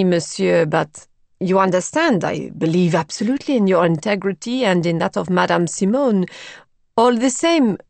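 A woman's voice: medium pitch, creaky, a little mellow, no room sound. A woman voicing a grim, suspicious female visitor who speaks firmly, coldly and sarcastically. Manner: firm, cold and sarcastic.

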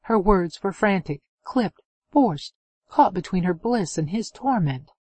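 A woman narrating an adult romance novel in a steady, expressive reading on a close mic. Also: medium pitch, a little slow, breathy edge, dry recording. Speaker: audiobook narrator.

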